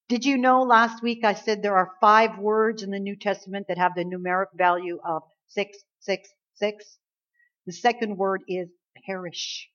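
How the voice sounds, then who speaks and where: A woman's voice: medium pitch, lo-fi sound. A woman preaching a sermon, earnest and emphatic, quoting scripture and building to stressed points.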